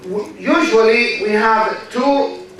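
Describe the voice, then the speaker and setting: A man's voice: high-pitched, slow pace, crowd noise. A man giving a university lecture, repeating key words and often checking in with "okay?". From Egypt. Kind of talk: classroom lecture. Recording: echoey hall, mic far off.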